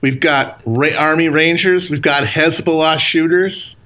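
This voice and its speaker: A man's voice: on the high side, fairly even intonation, measured pace, pushed and bright, a little hiss or hum. A man co-hosting a comedy podcast, chiming in with dry jokey asides. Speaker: podcast co-host. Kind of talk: casual comedic chat.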